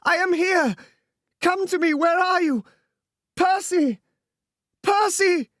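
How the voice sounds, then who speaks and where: A man's voice: high-pitched, big pitch swings, extremely slow, slightly rough, dry recording, studio quality, voice pushed up, exaggerated voice. A man voicing a desperate young noblewoman who cries out hysterically for her husband. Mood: hysterical shriek. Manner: shrieking, hysterical.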